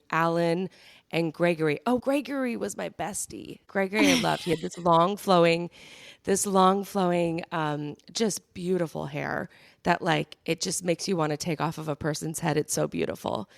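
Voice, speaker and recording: A woman's voice: sits low, fairly even intonation, moderate pace, vocal fry, dry recording, clean studio sound. A woman co-hosting a podcast, telling stories in a bubbly, gushing casual chat. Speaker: podcast co-host.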